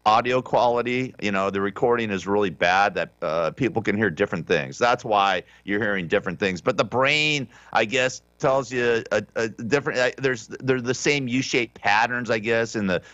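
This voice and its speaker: A man's voice: fairly low pitch, normal speed, hardly any pauses, a bit bright, dry recording, highs cut off. Rambling, sarcastic man on talk radio. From Southern California. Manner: rambling, sarcastic and offhand, with frequent restarts. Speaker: radio host. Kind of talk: casual talk radio monologue.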